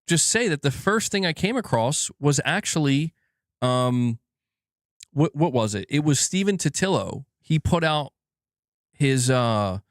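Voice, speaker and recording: A man who hosts a gaming channel rants on a casual livestream alone at home, animated and emphatic, swearing freely. His voice is a little high. The audio is clean studio sound with no echo.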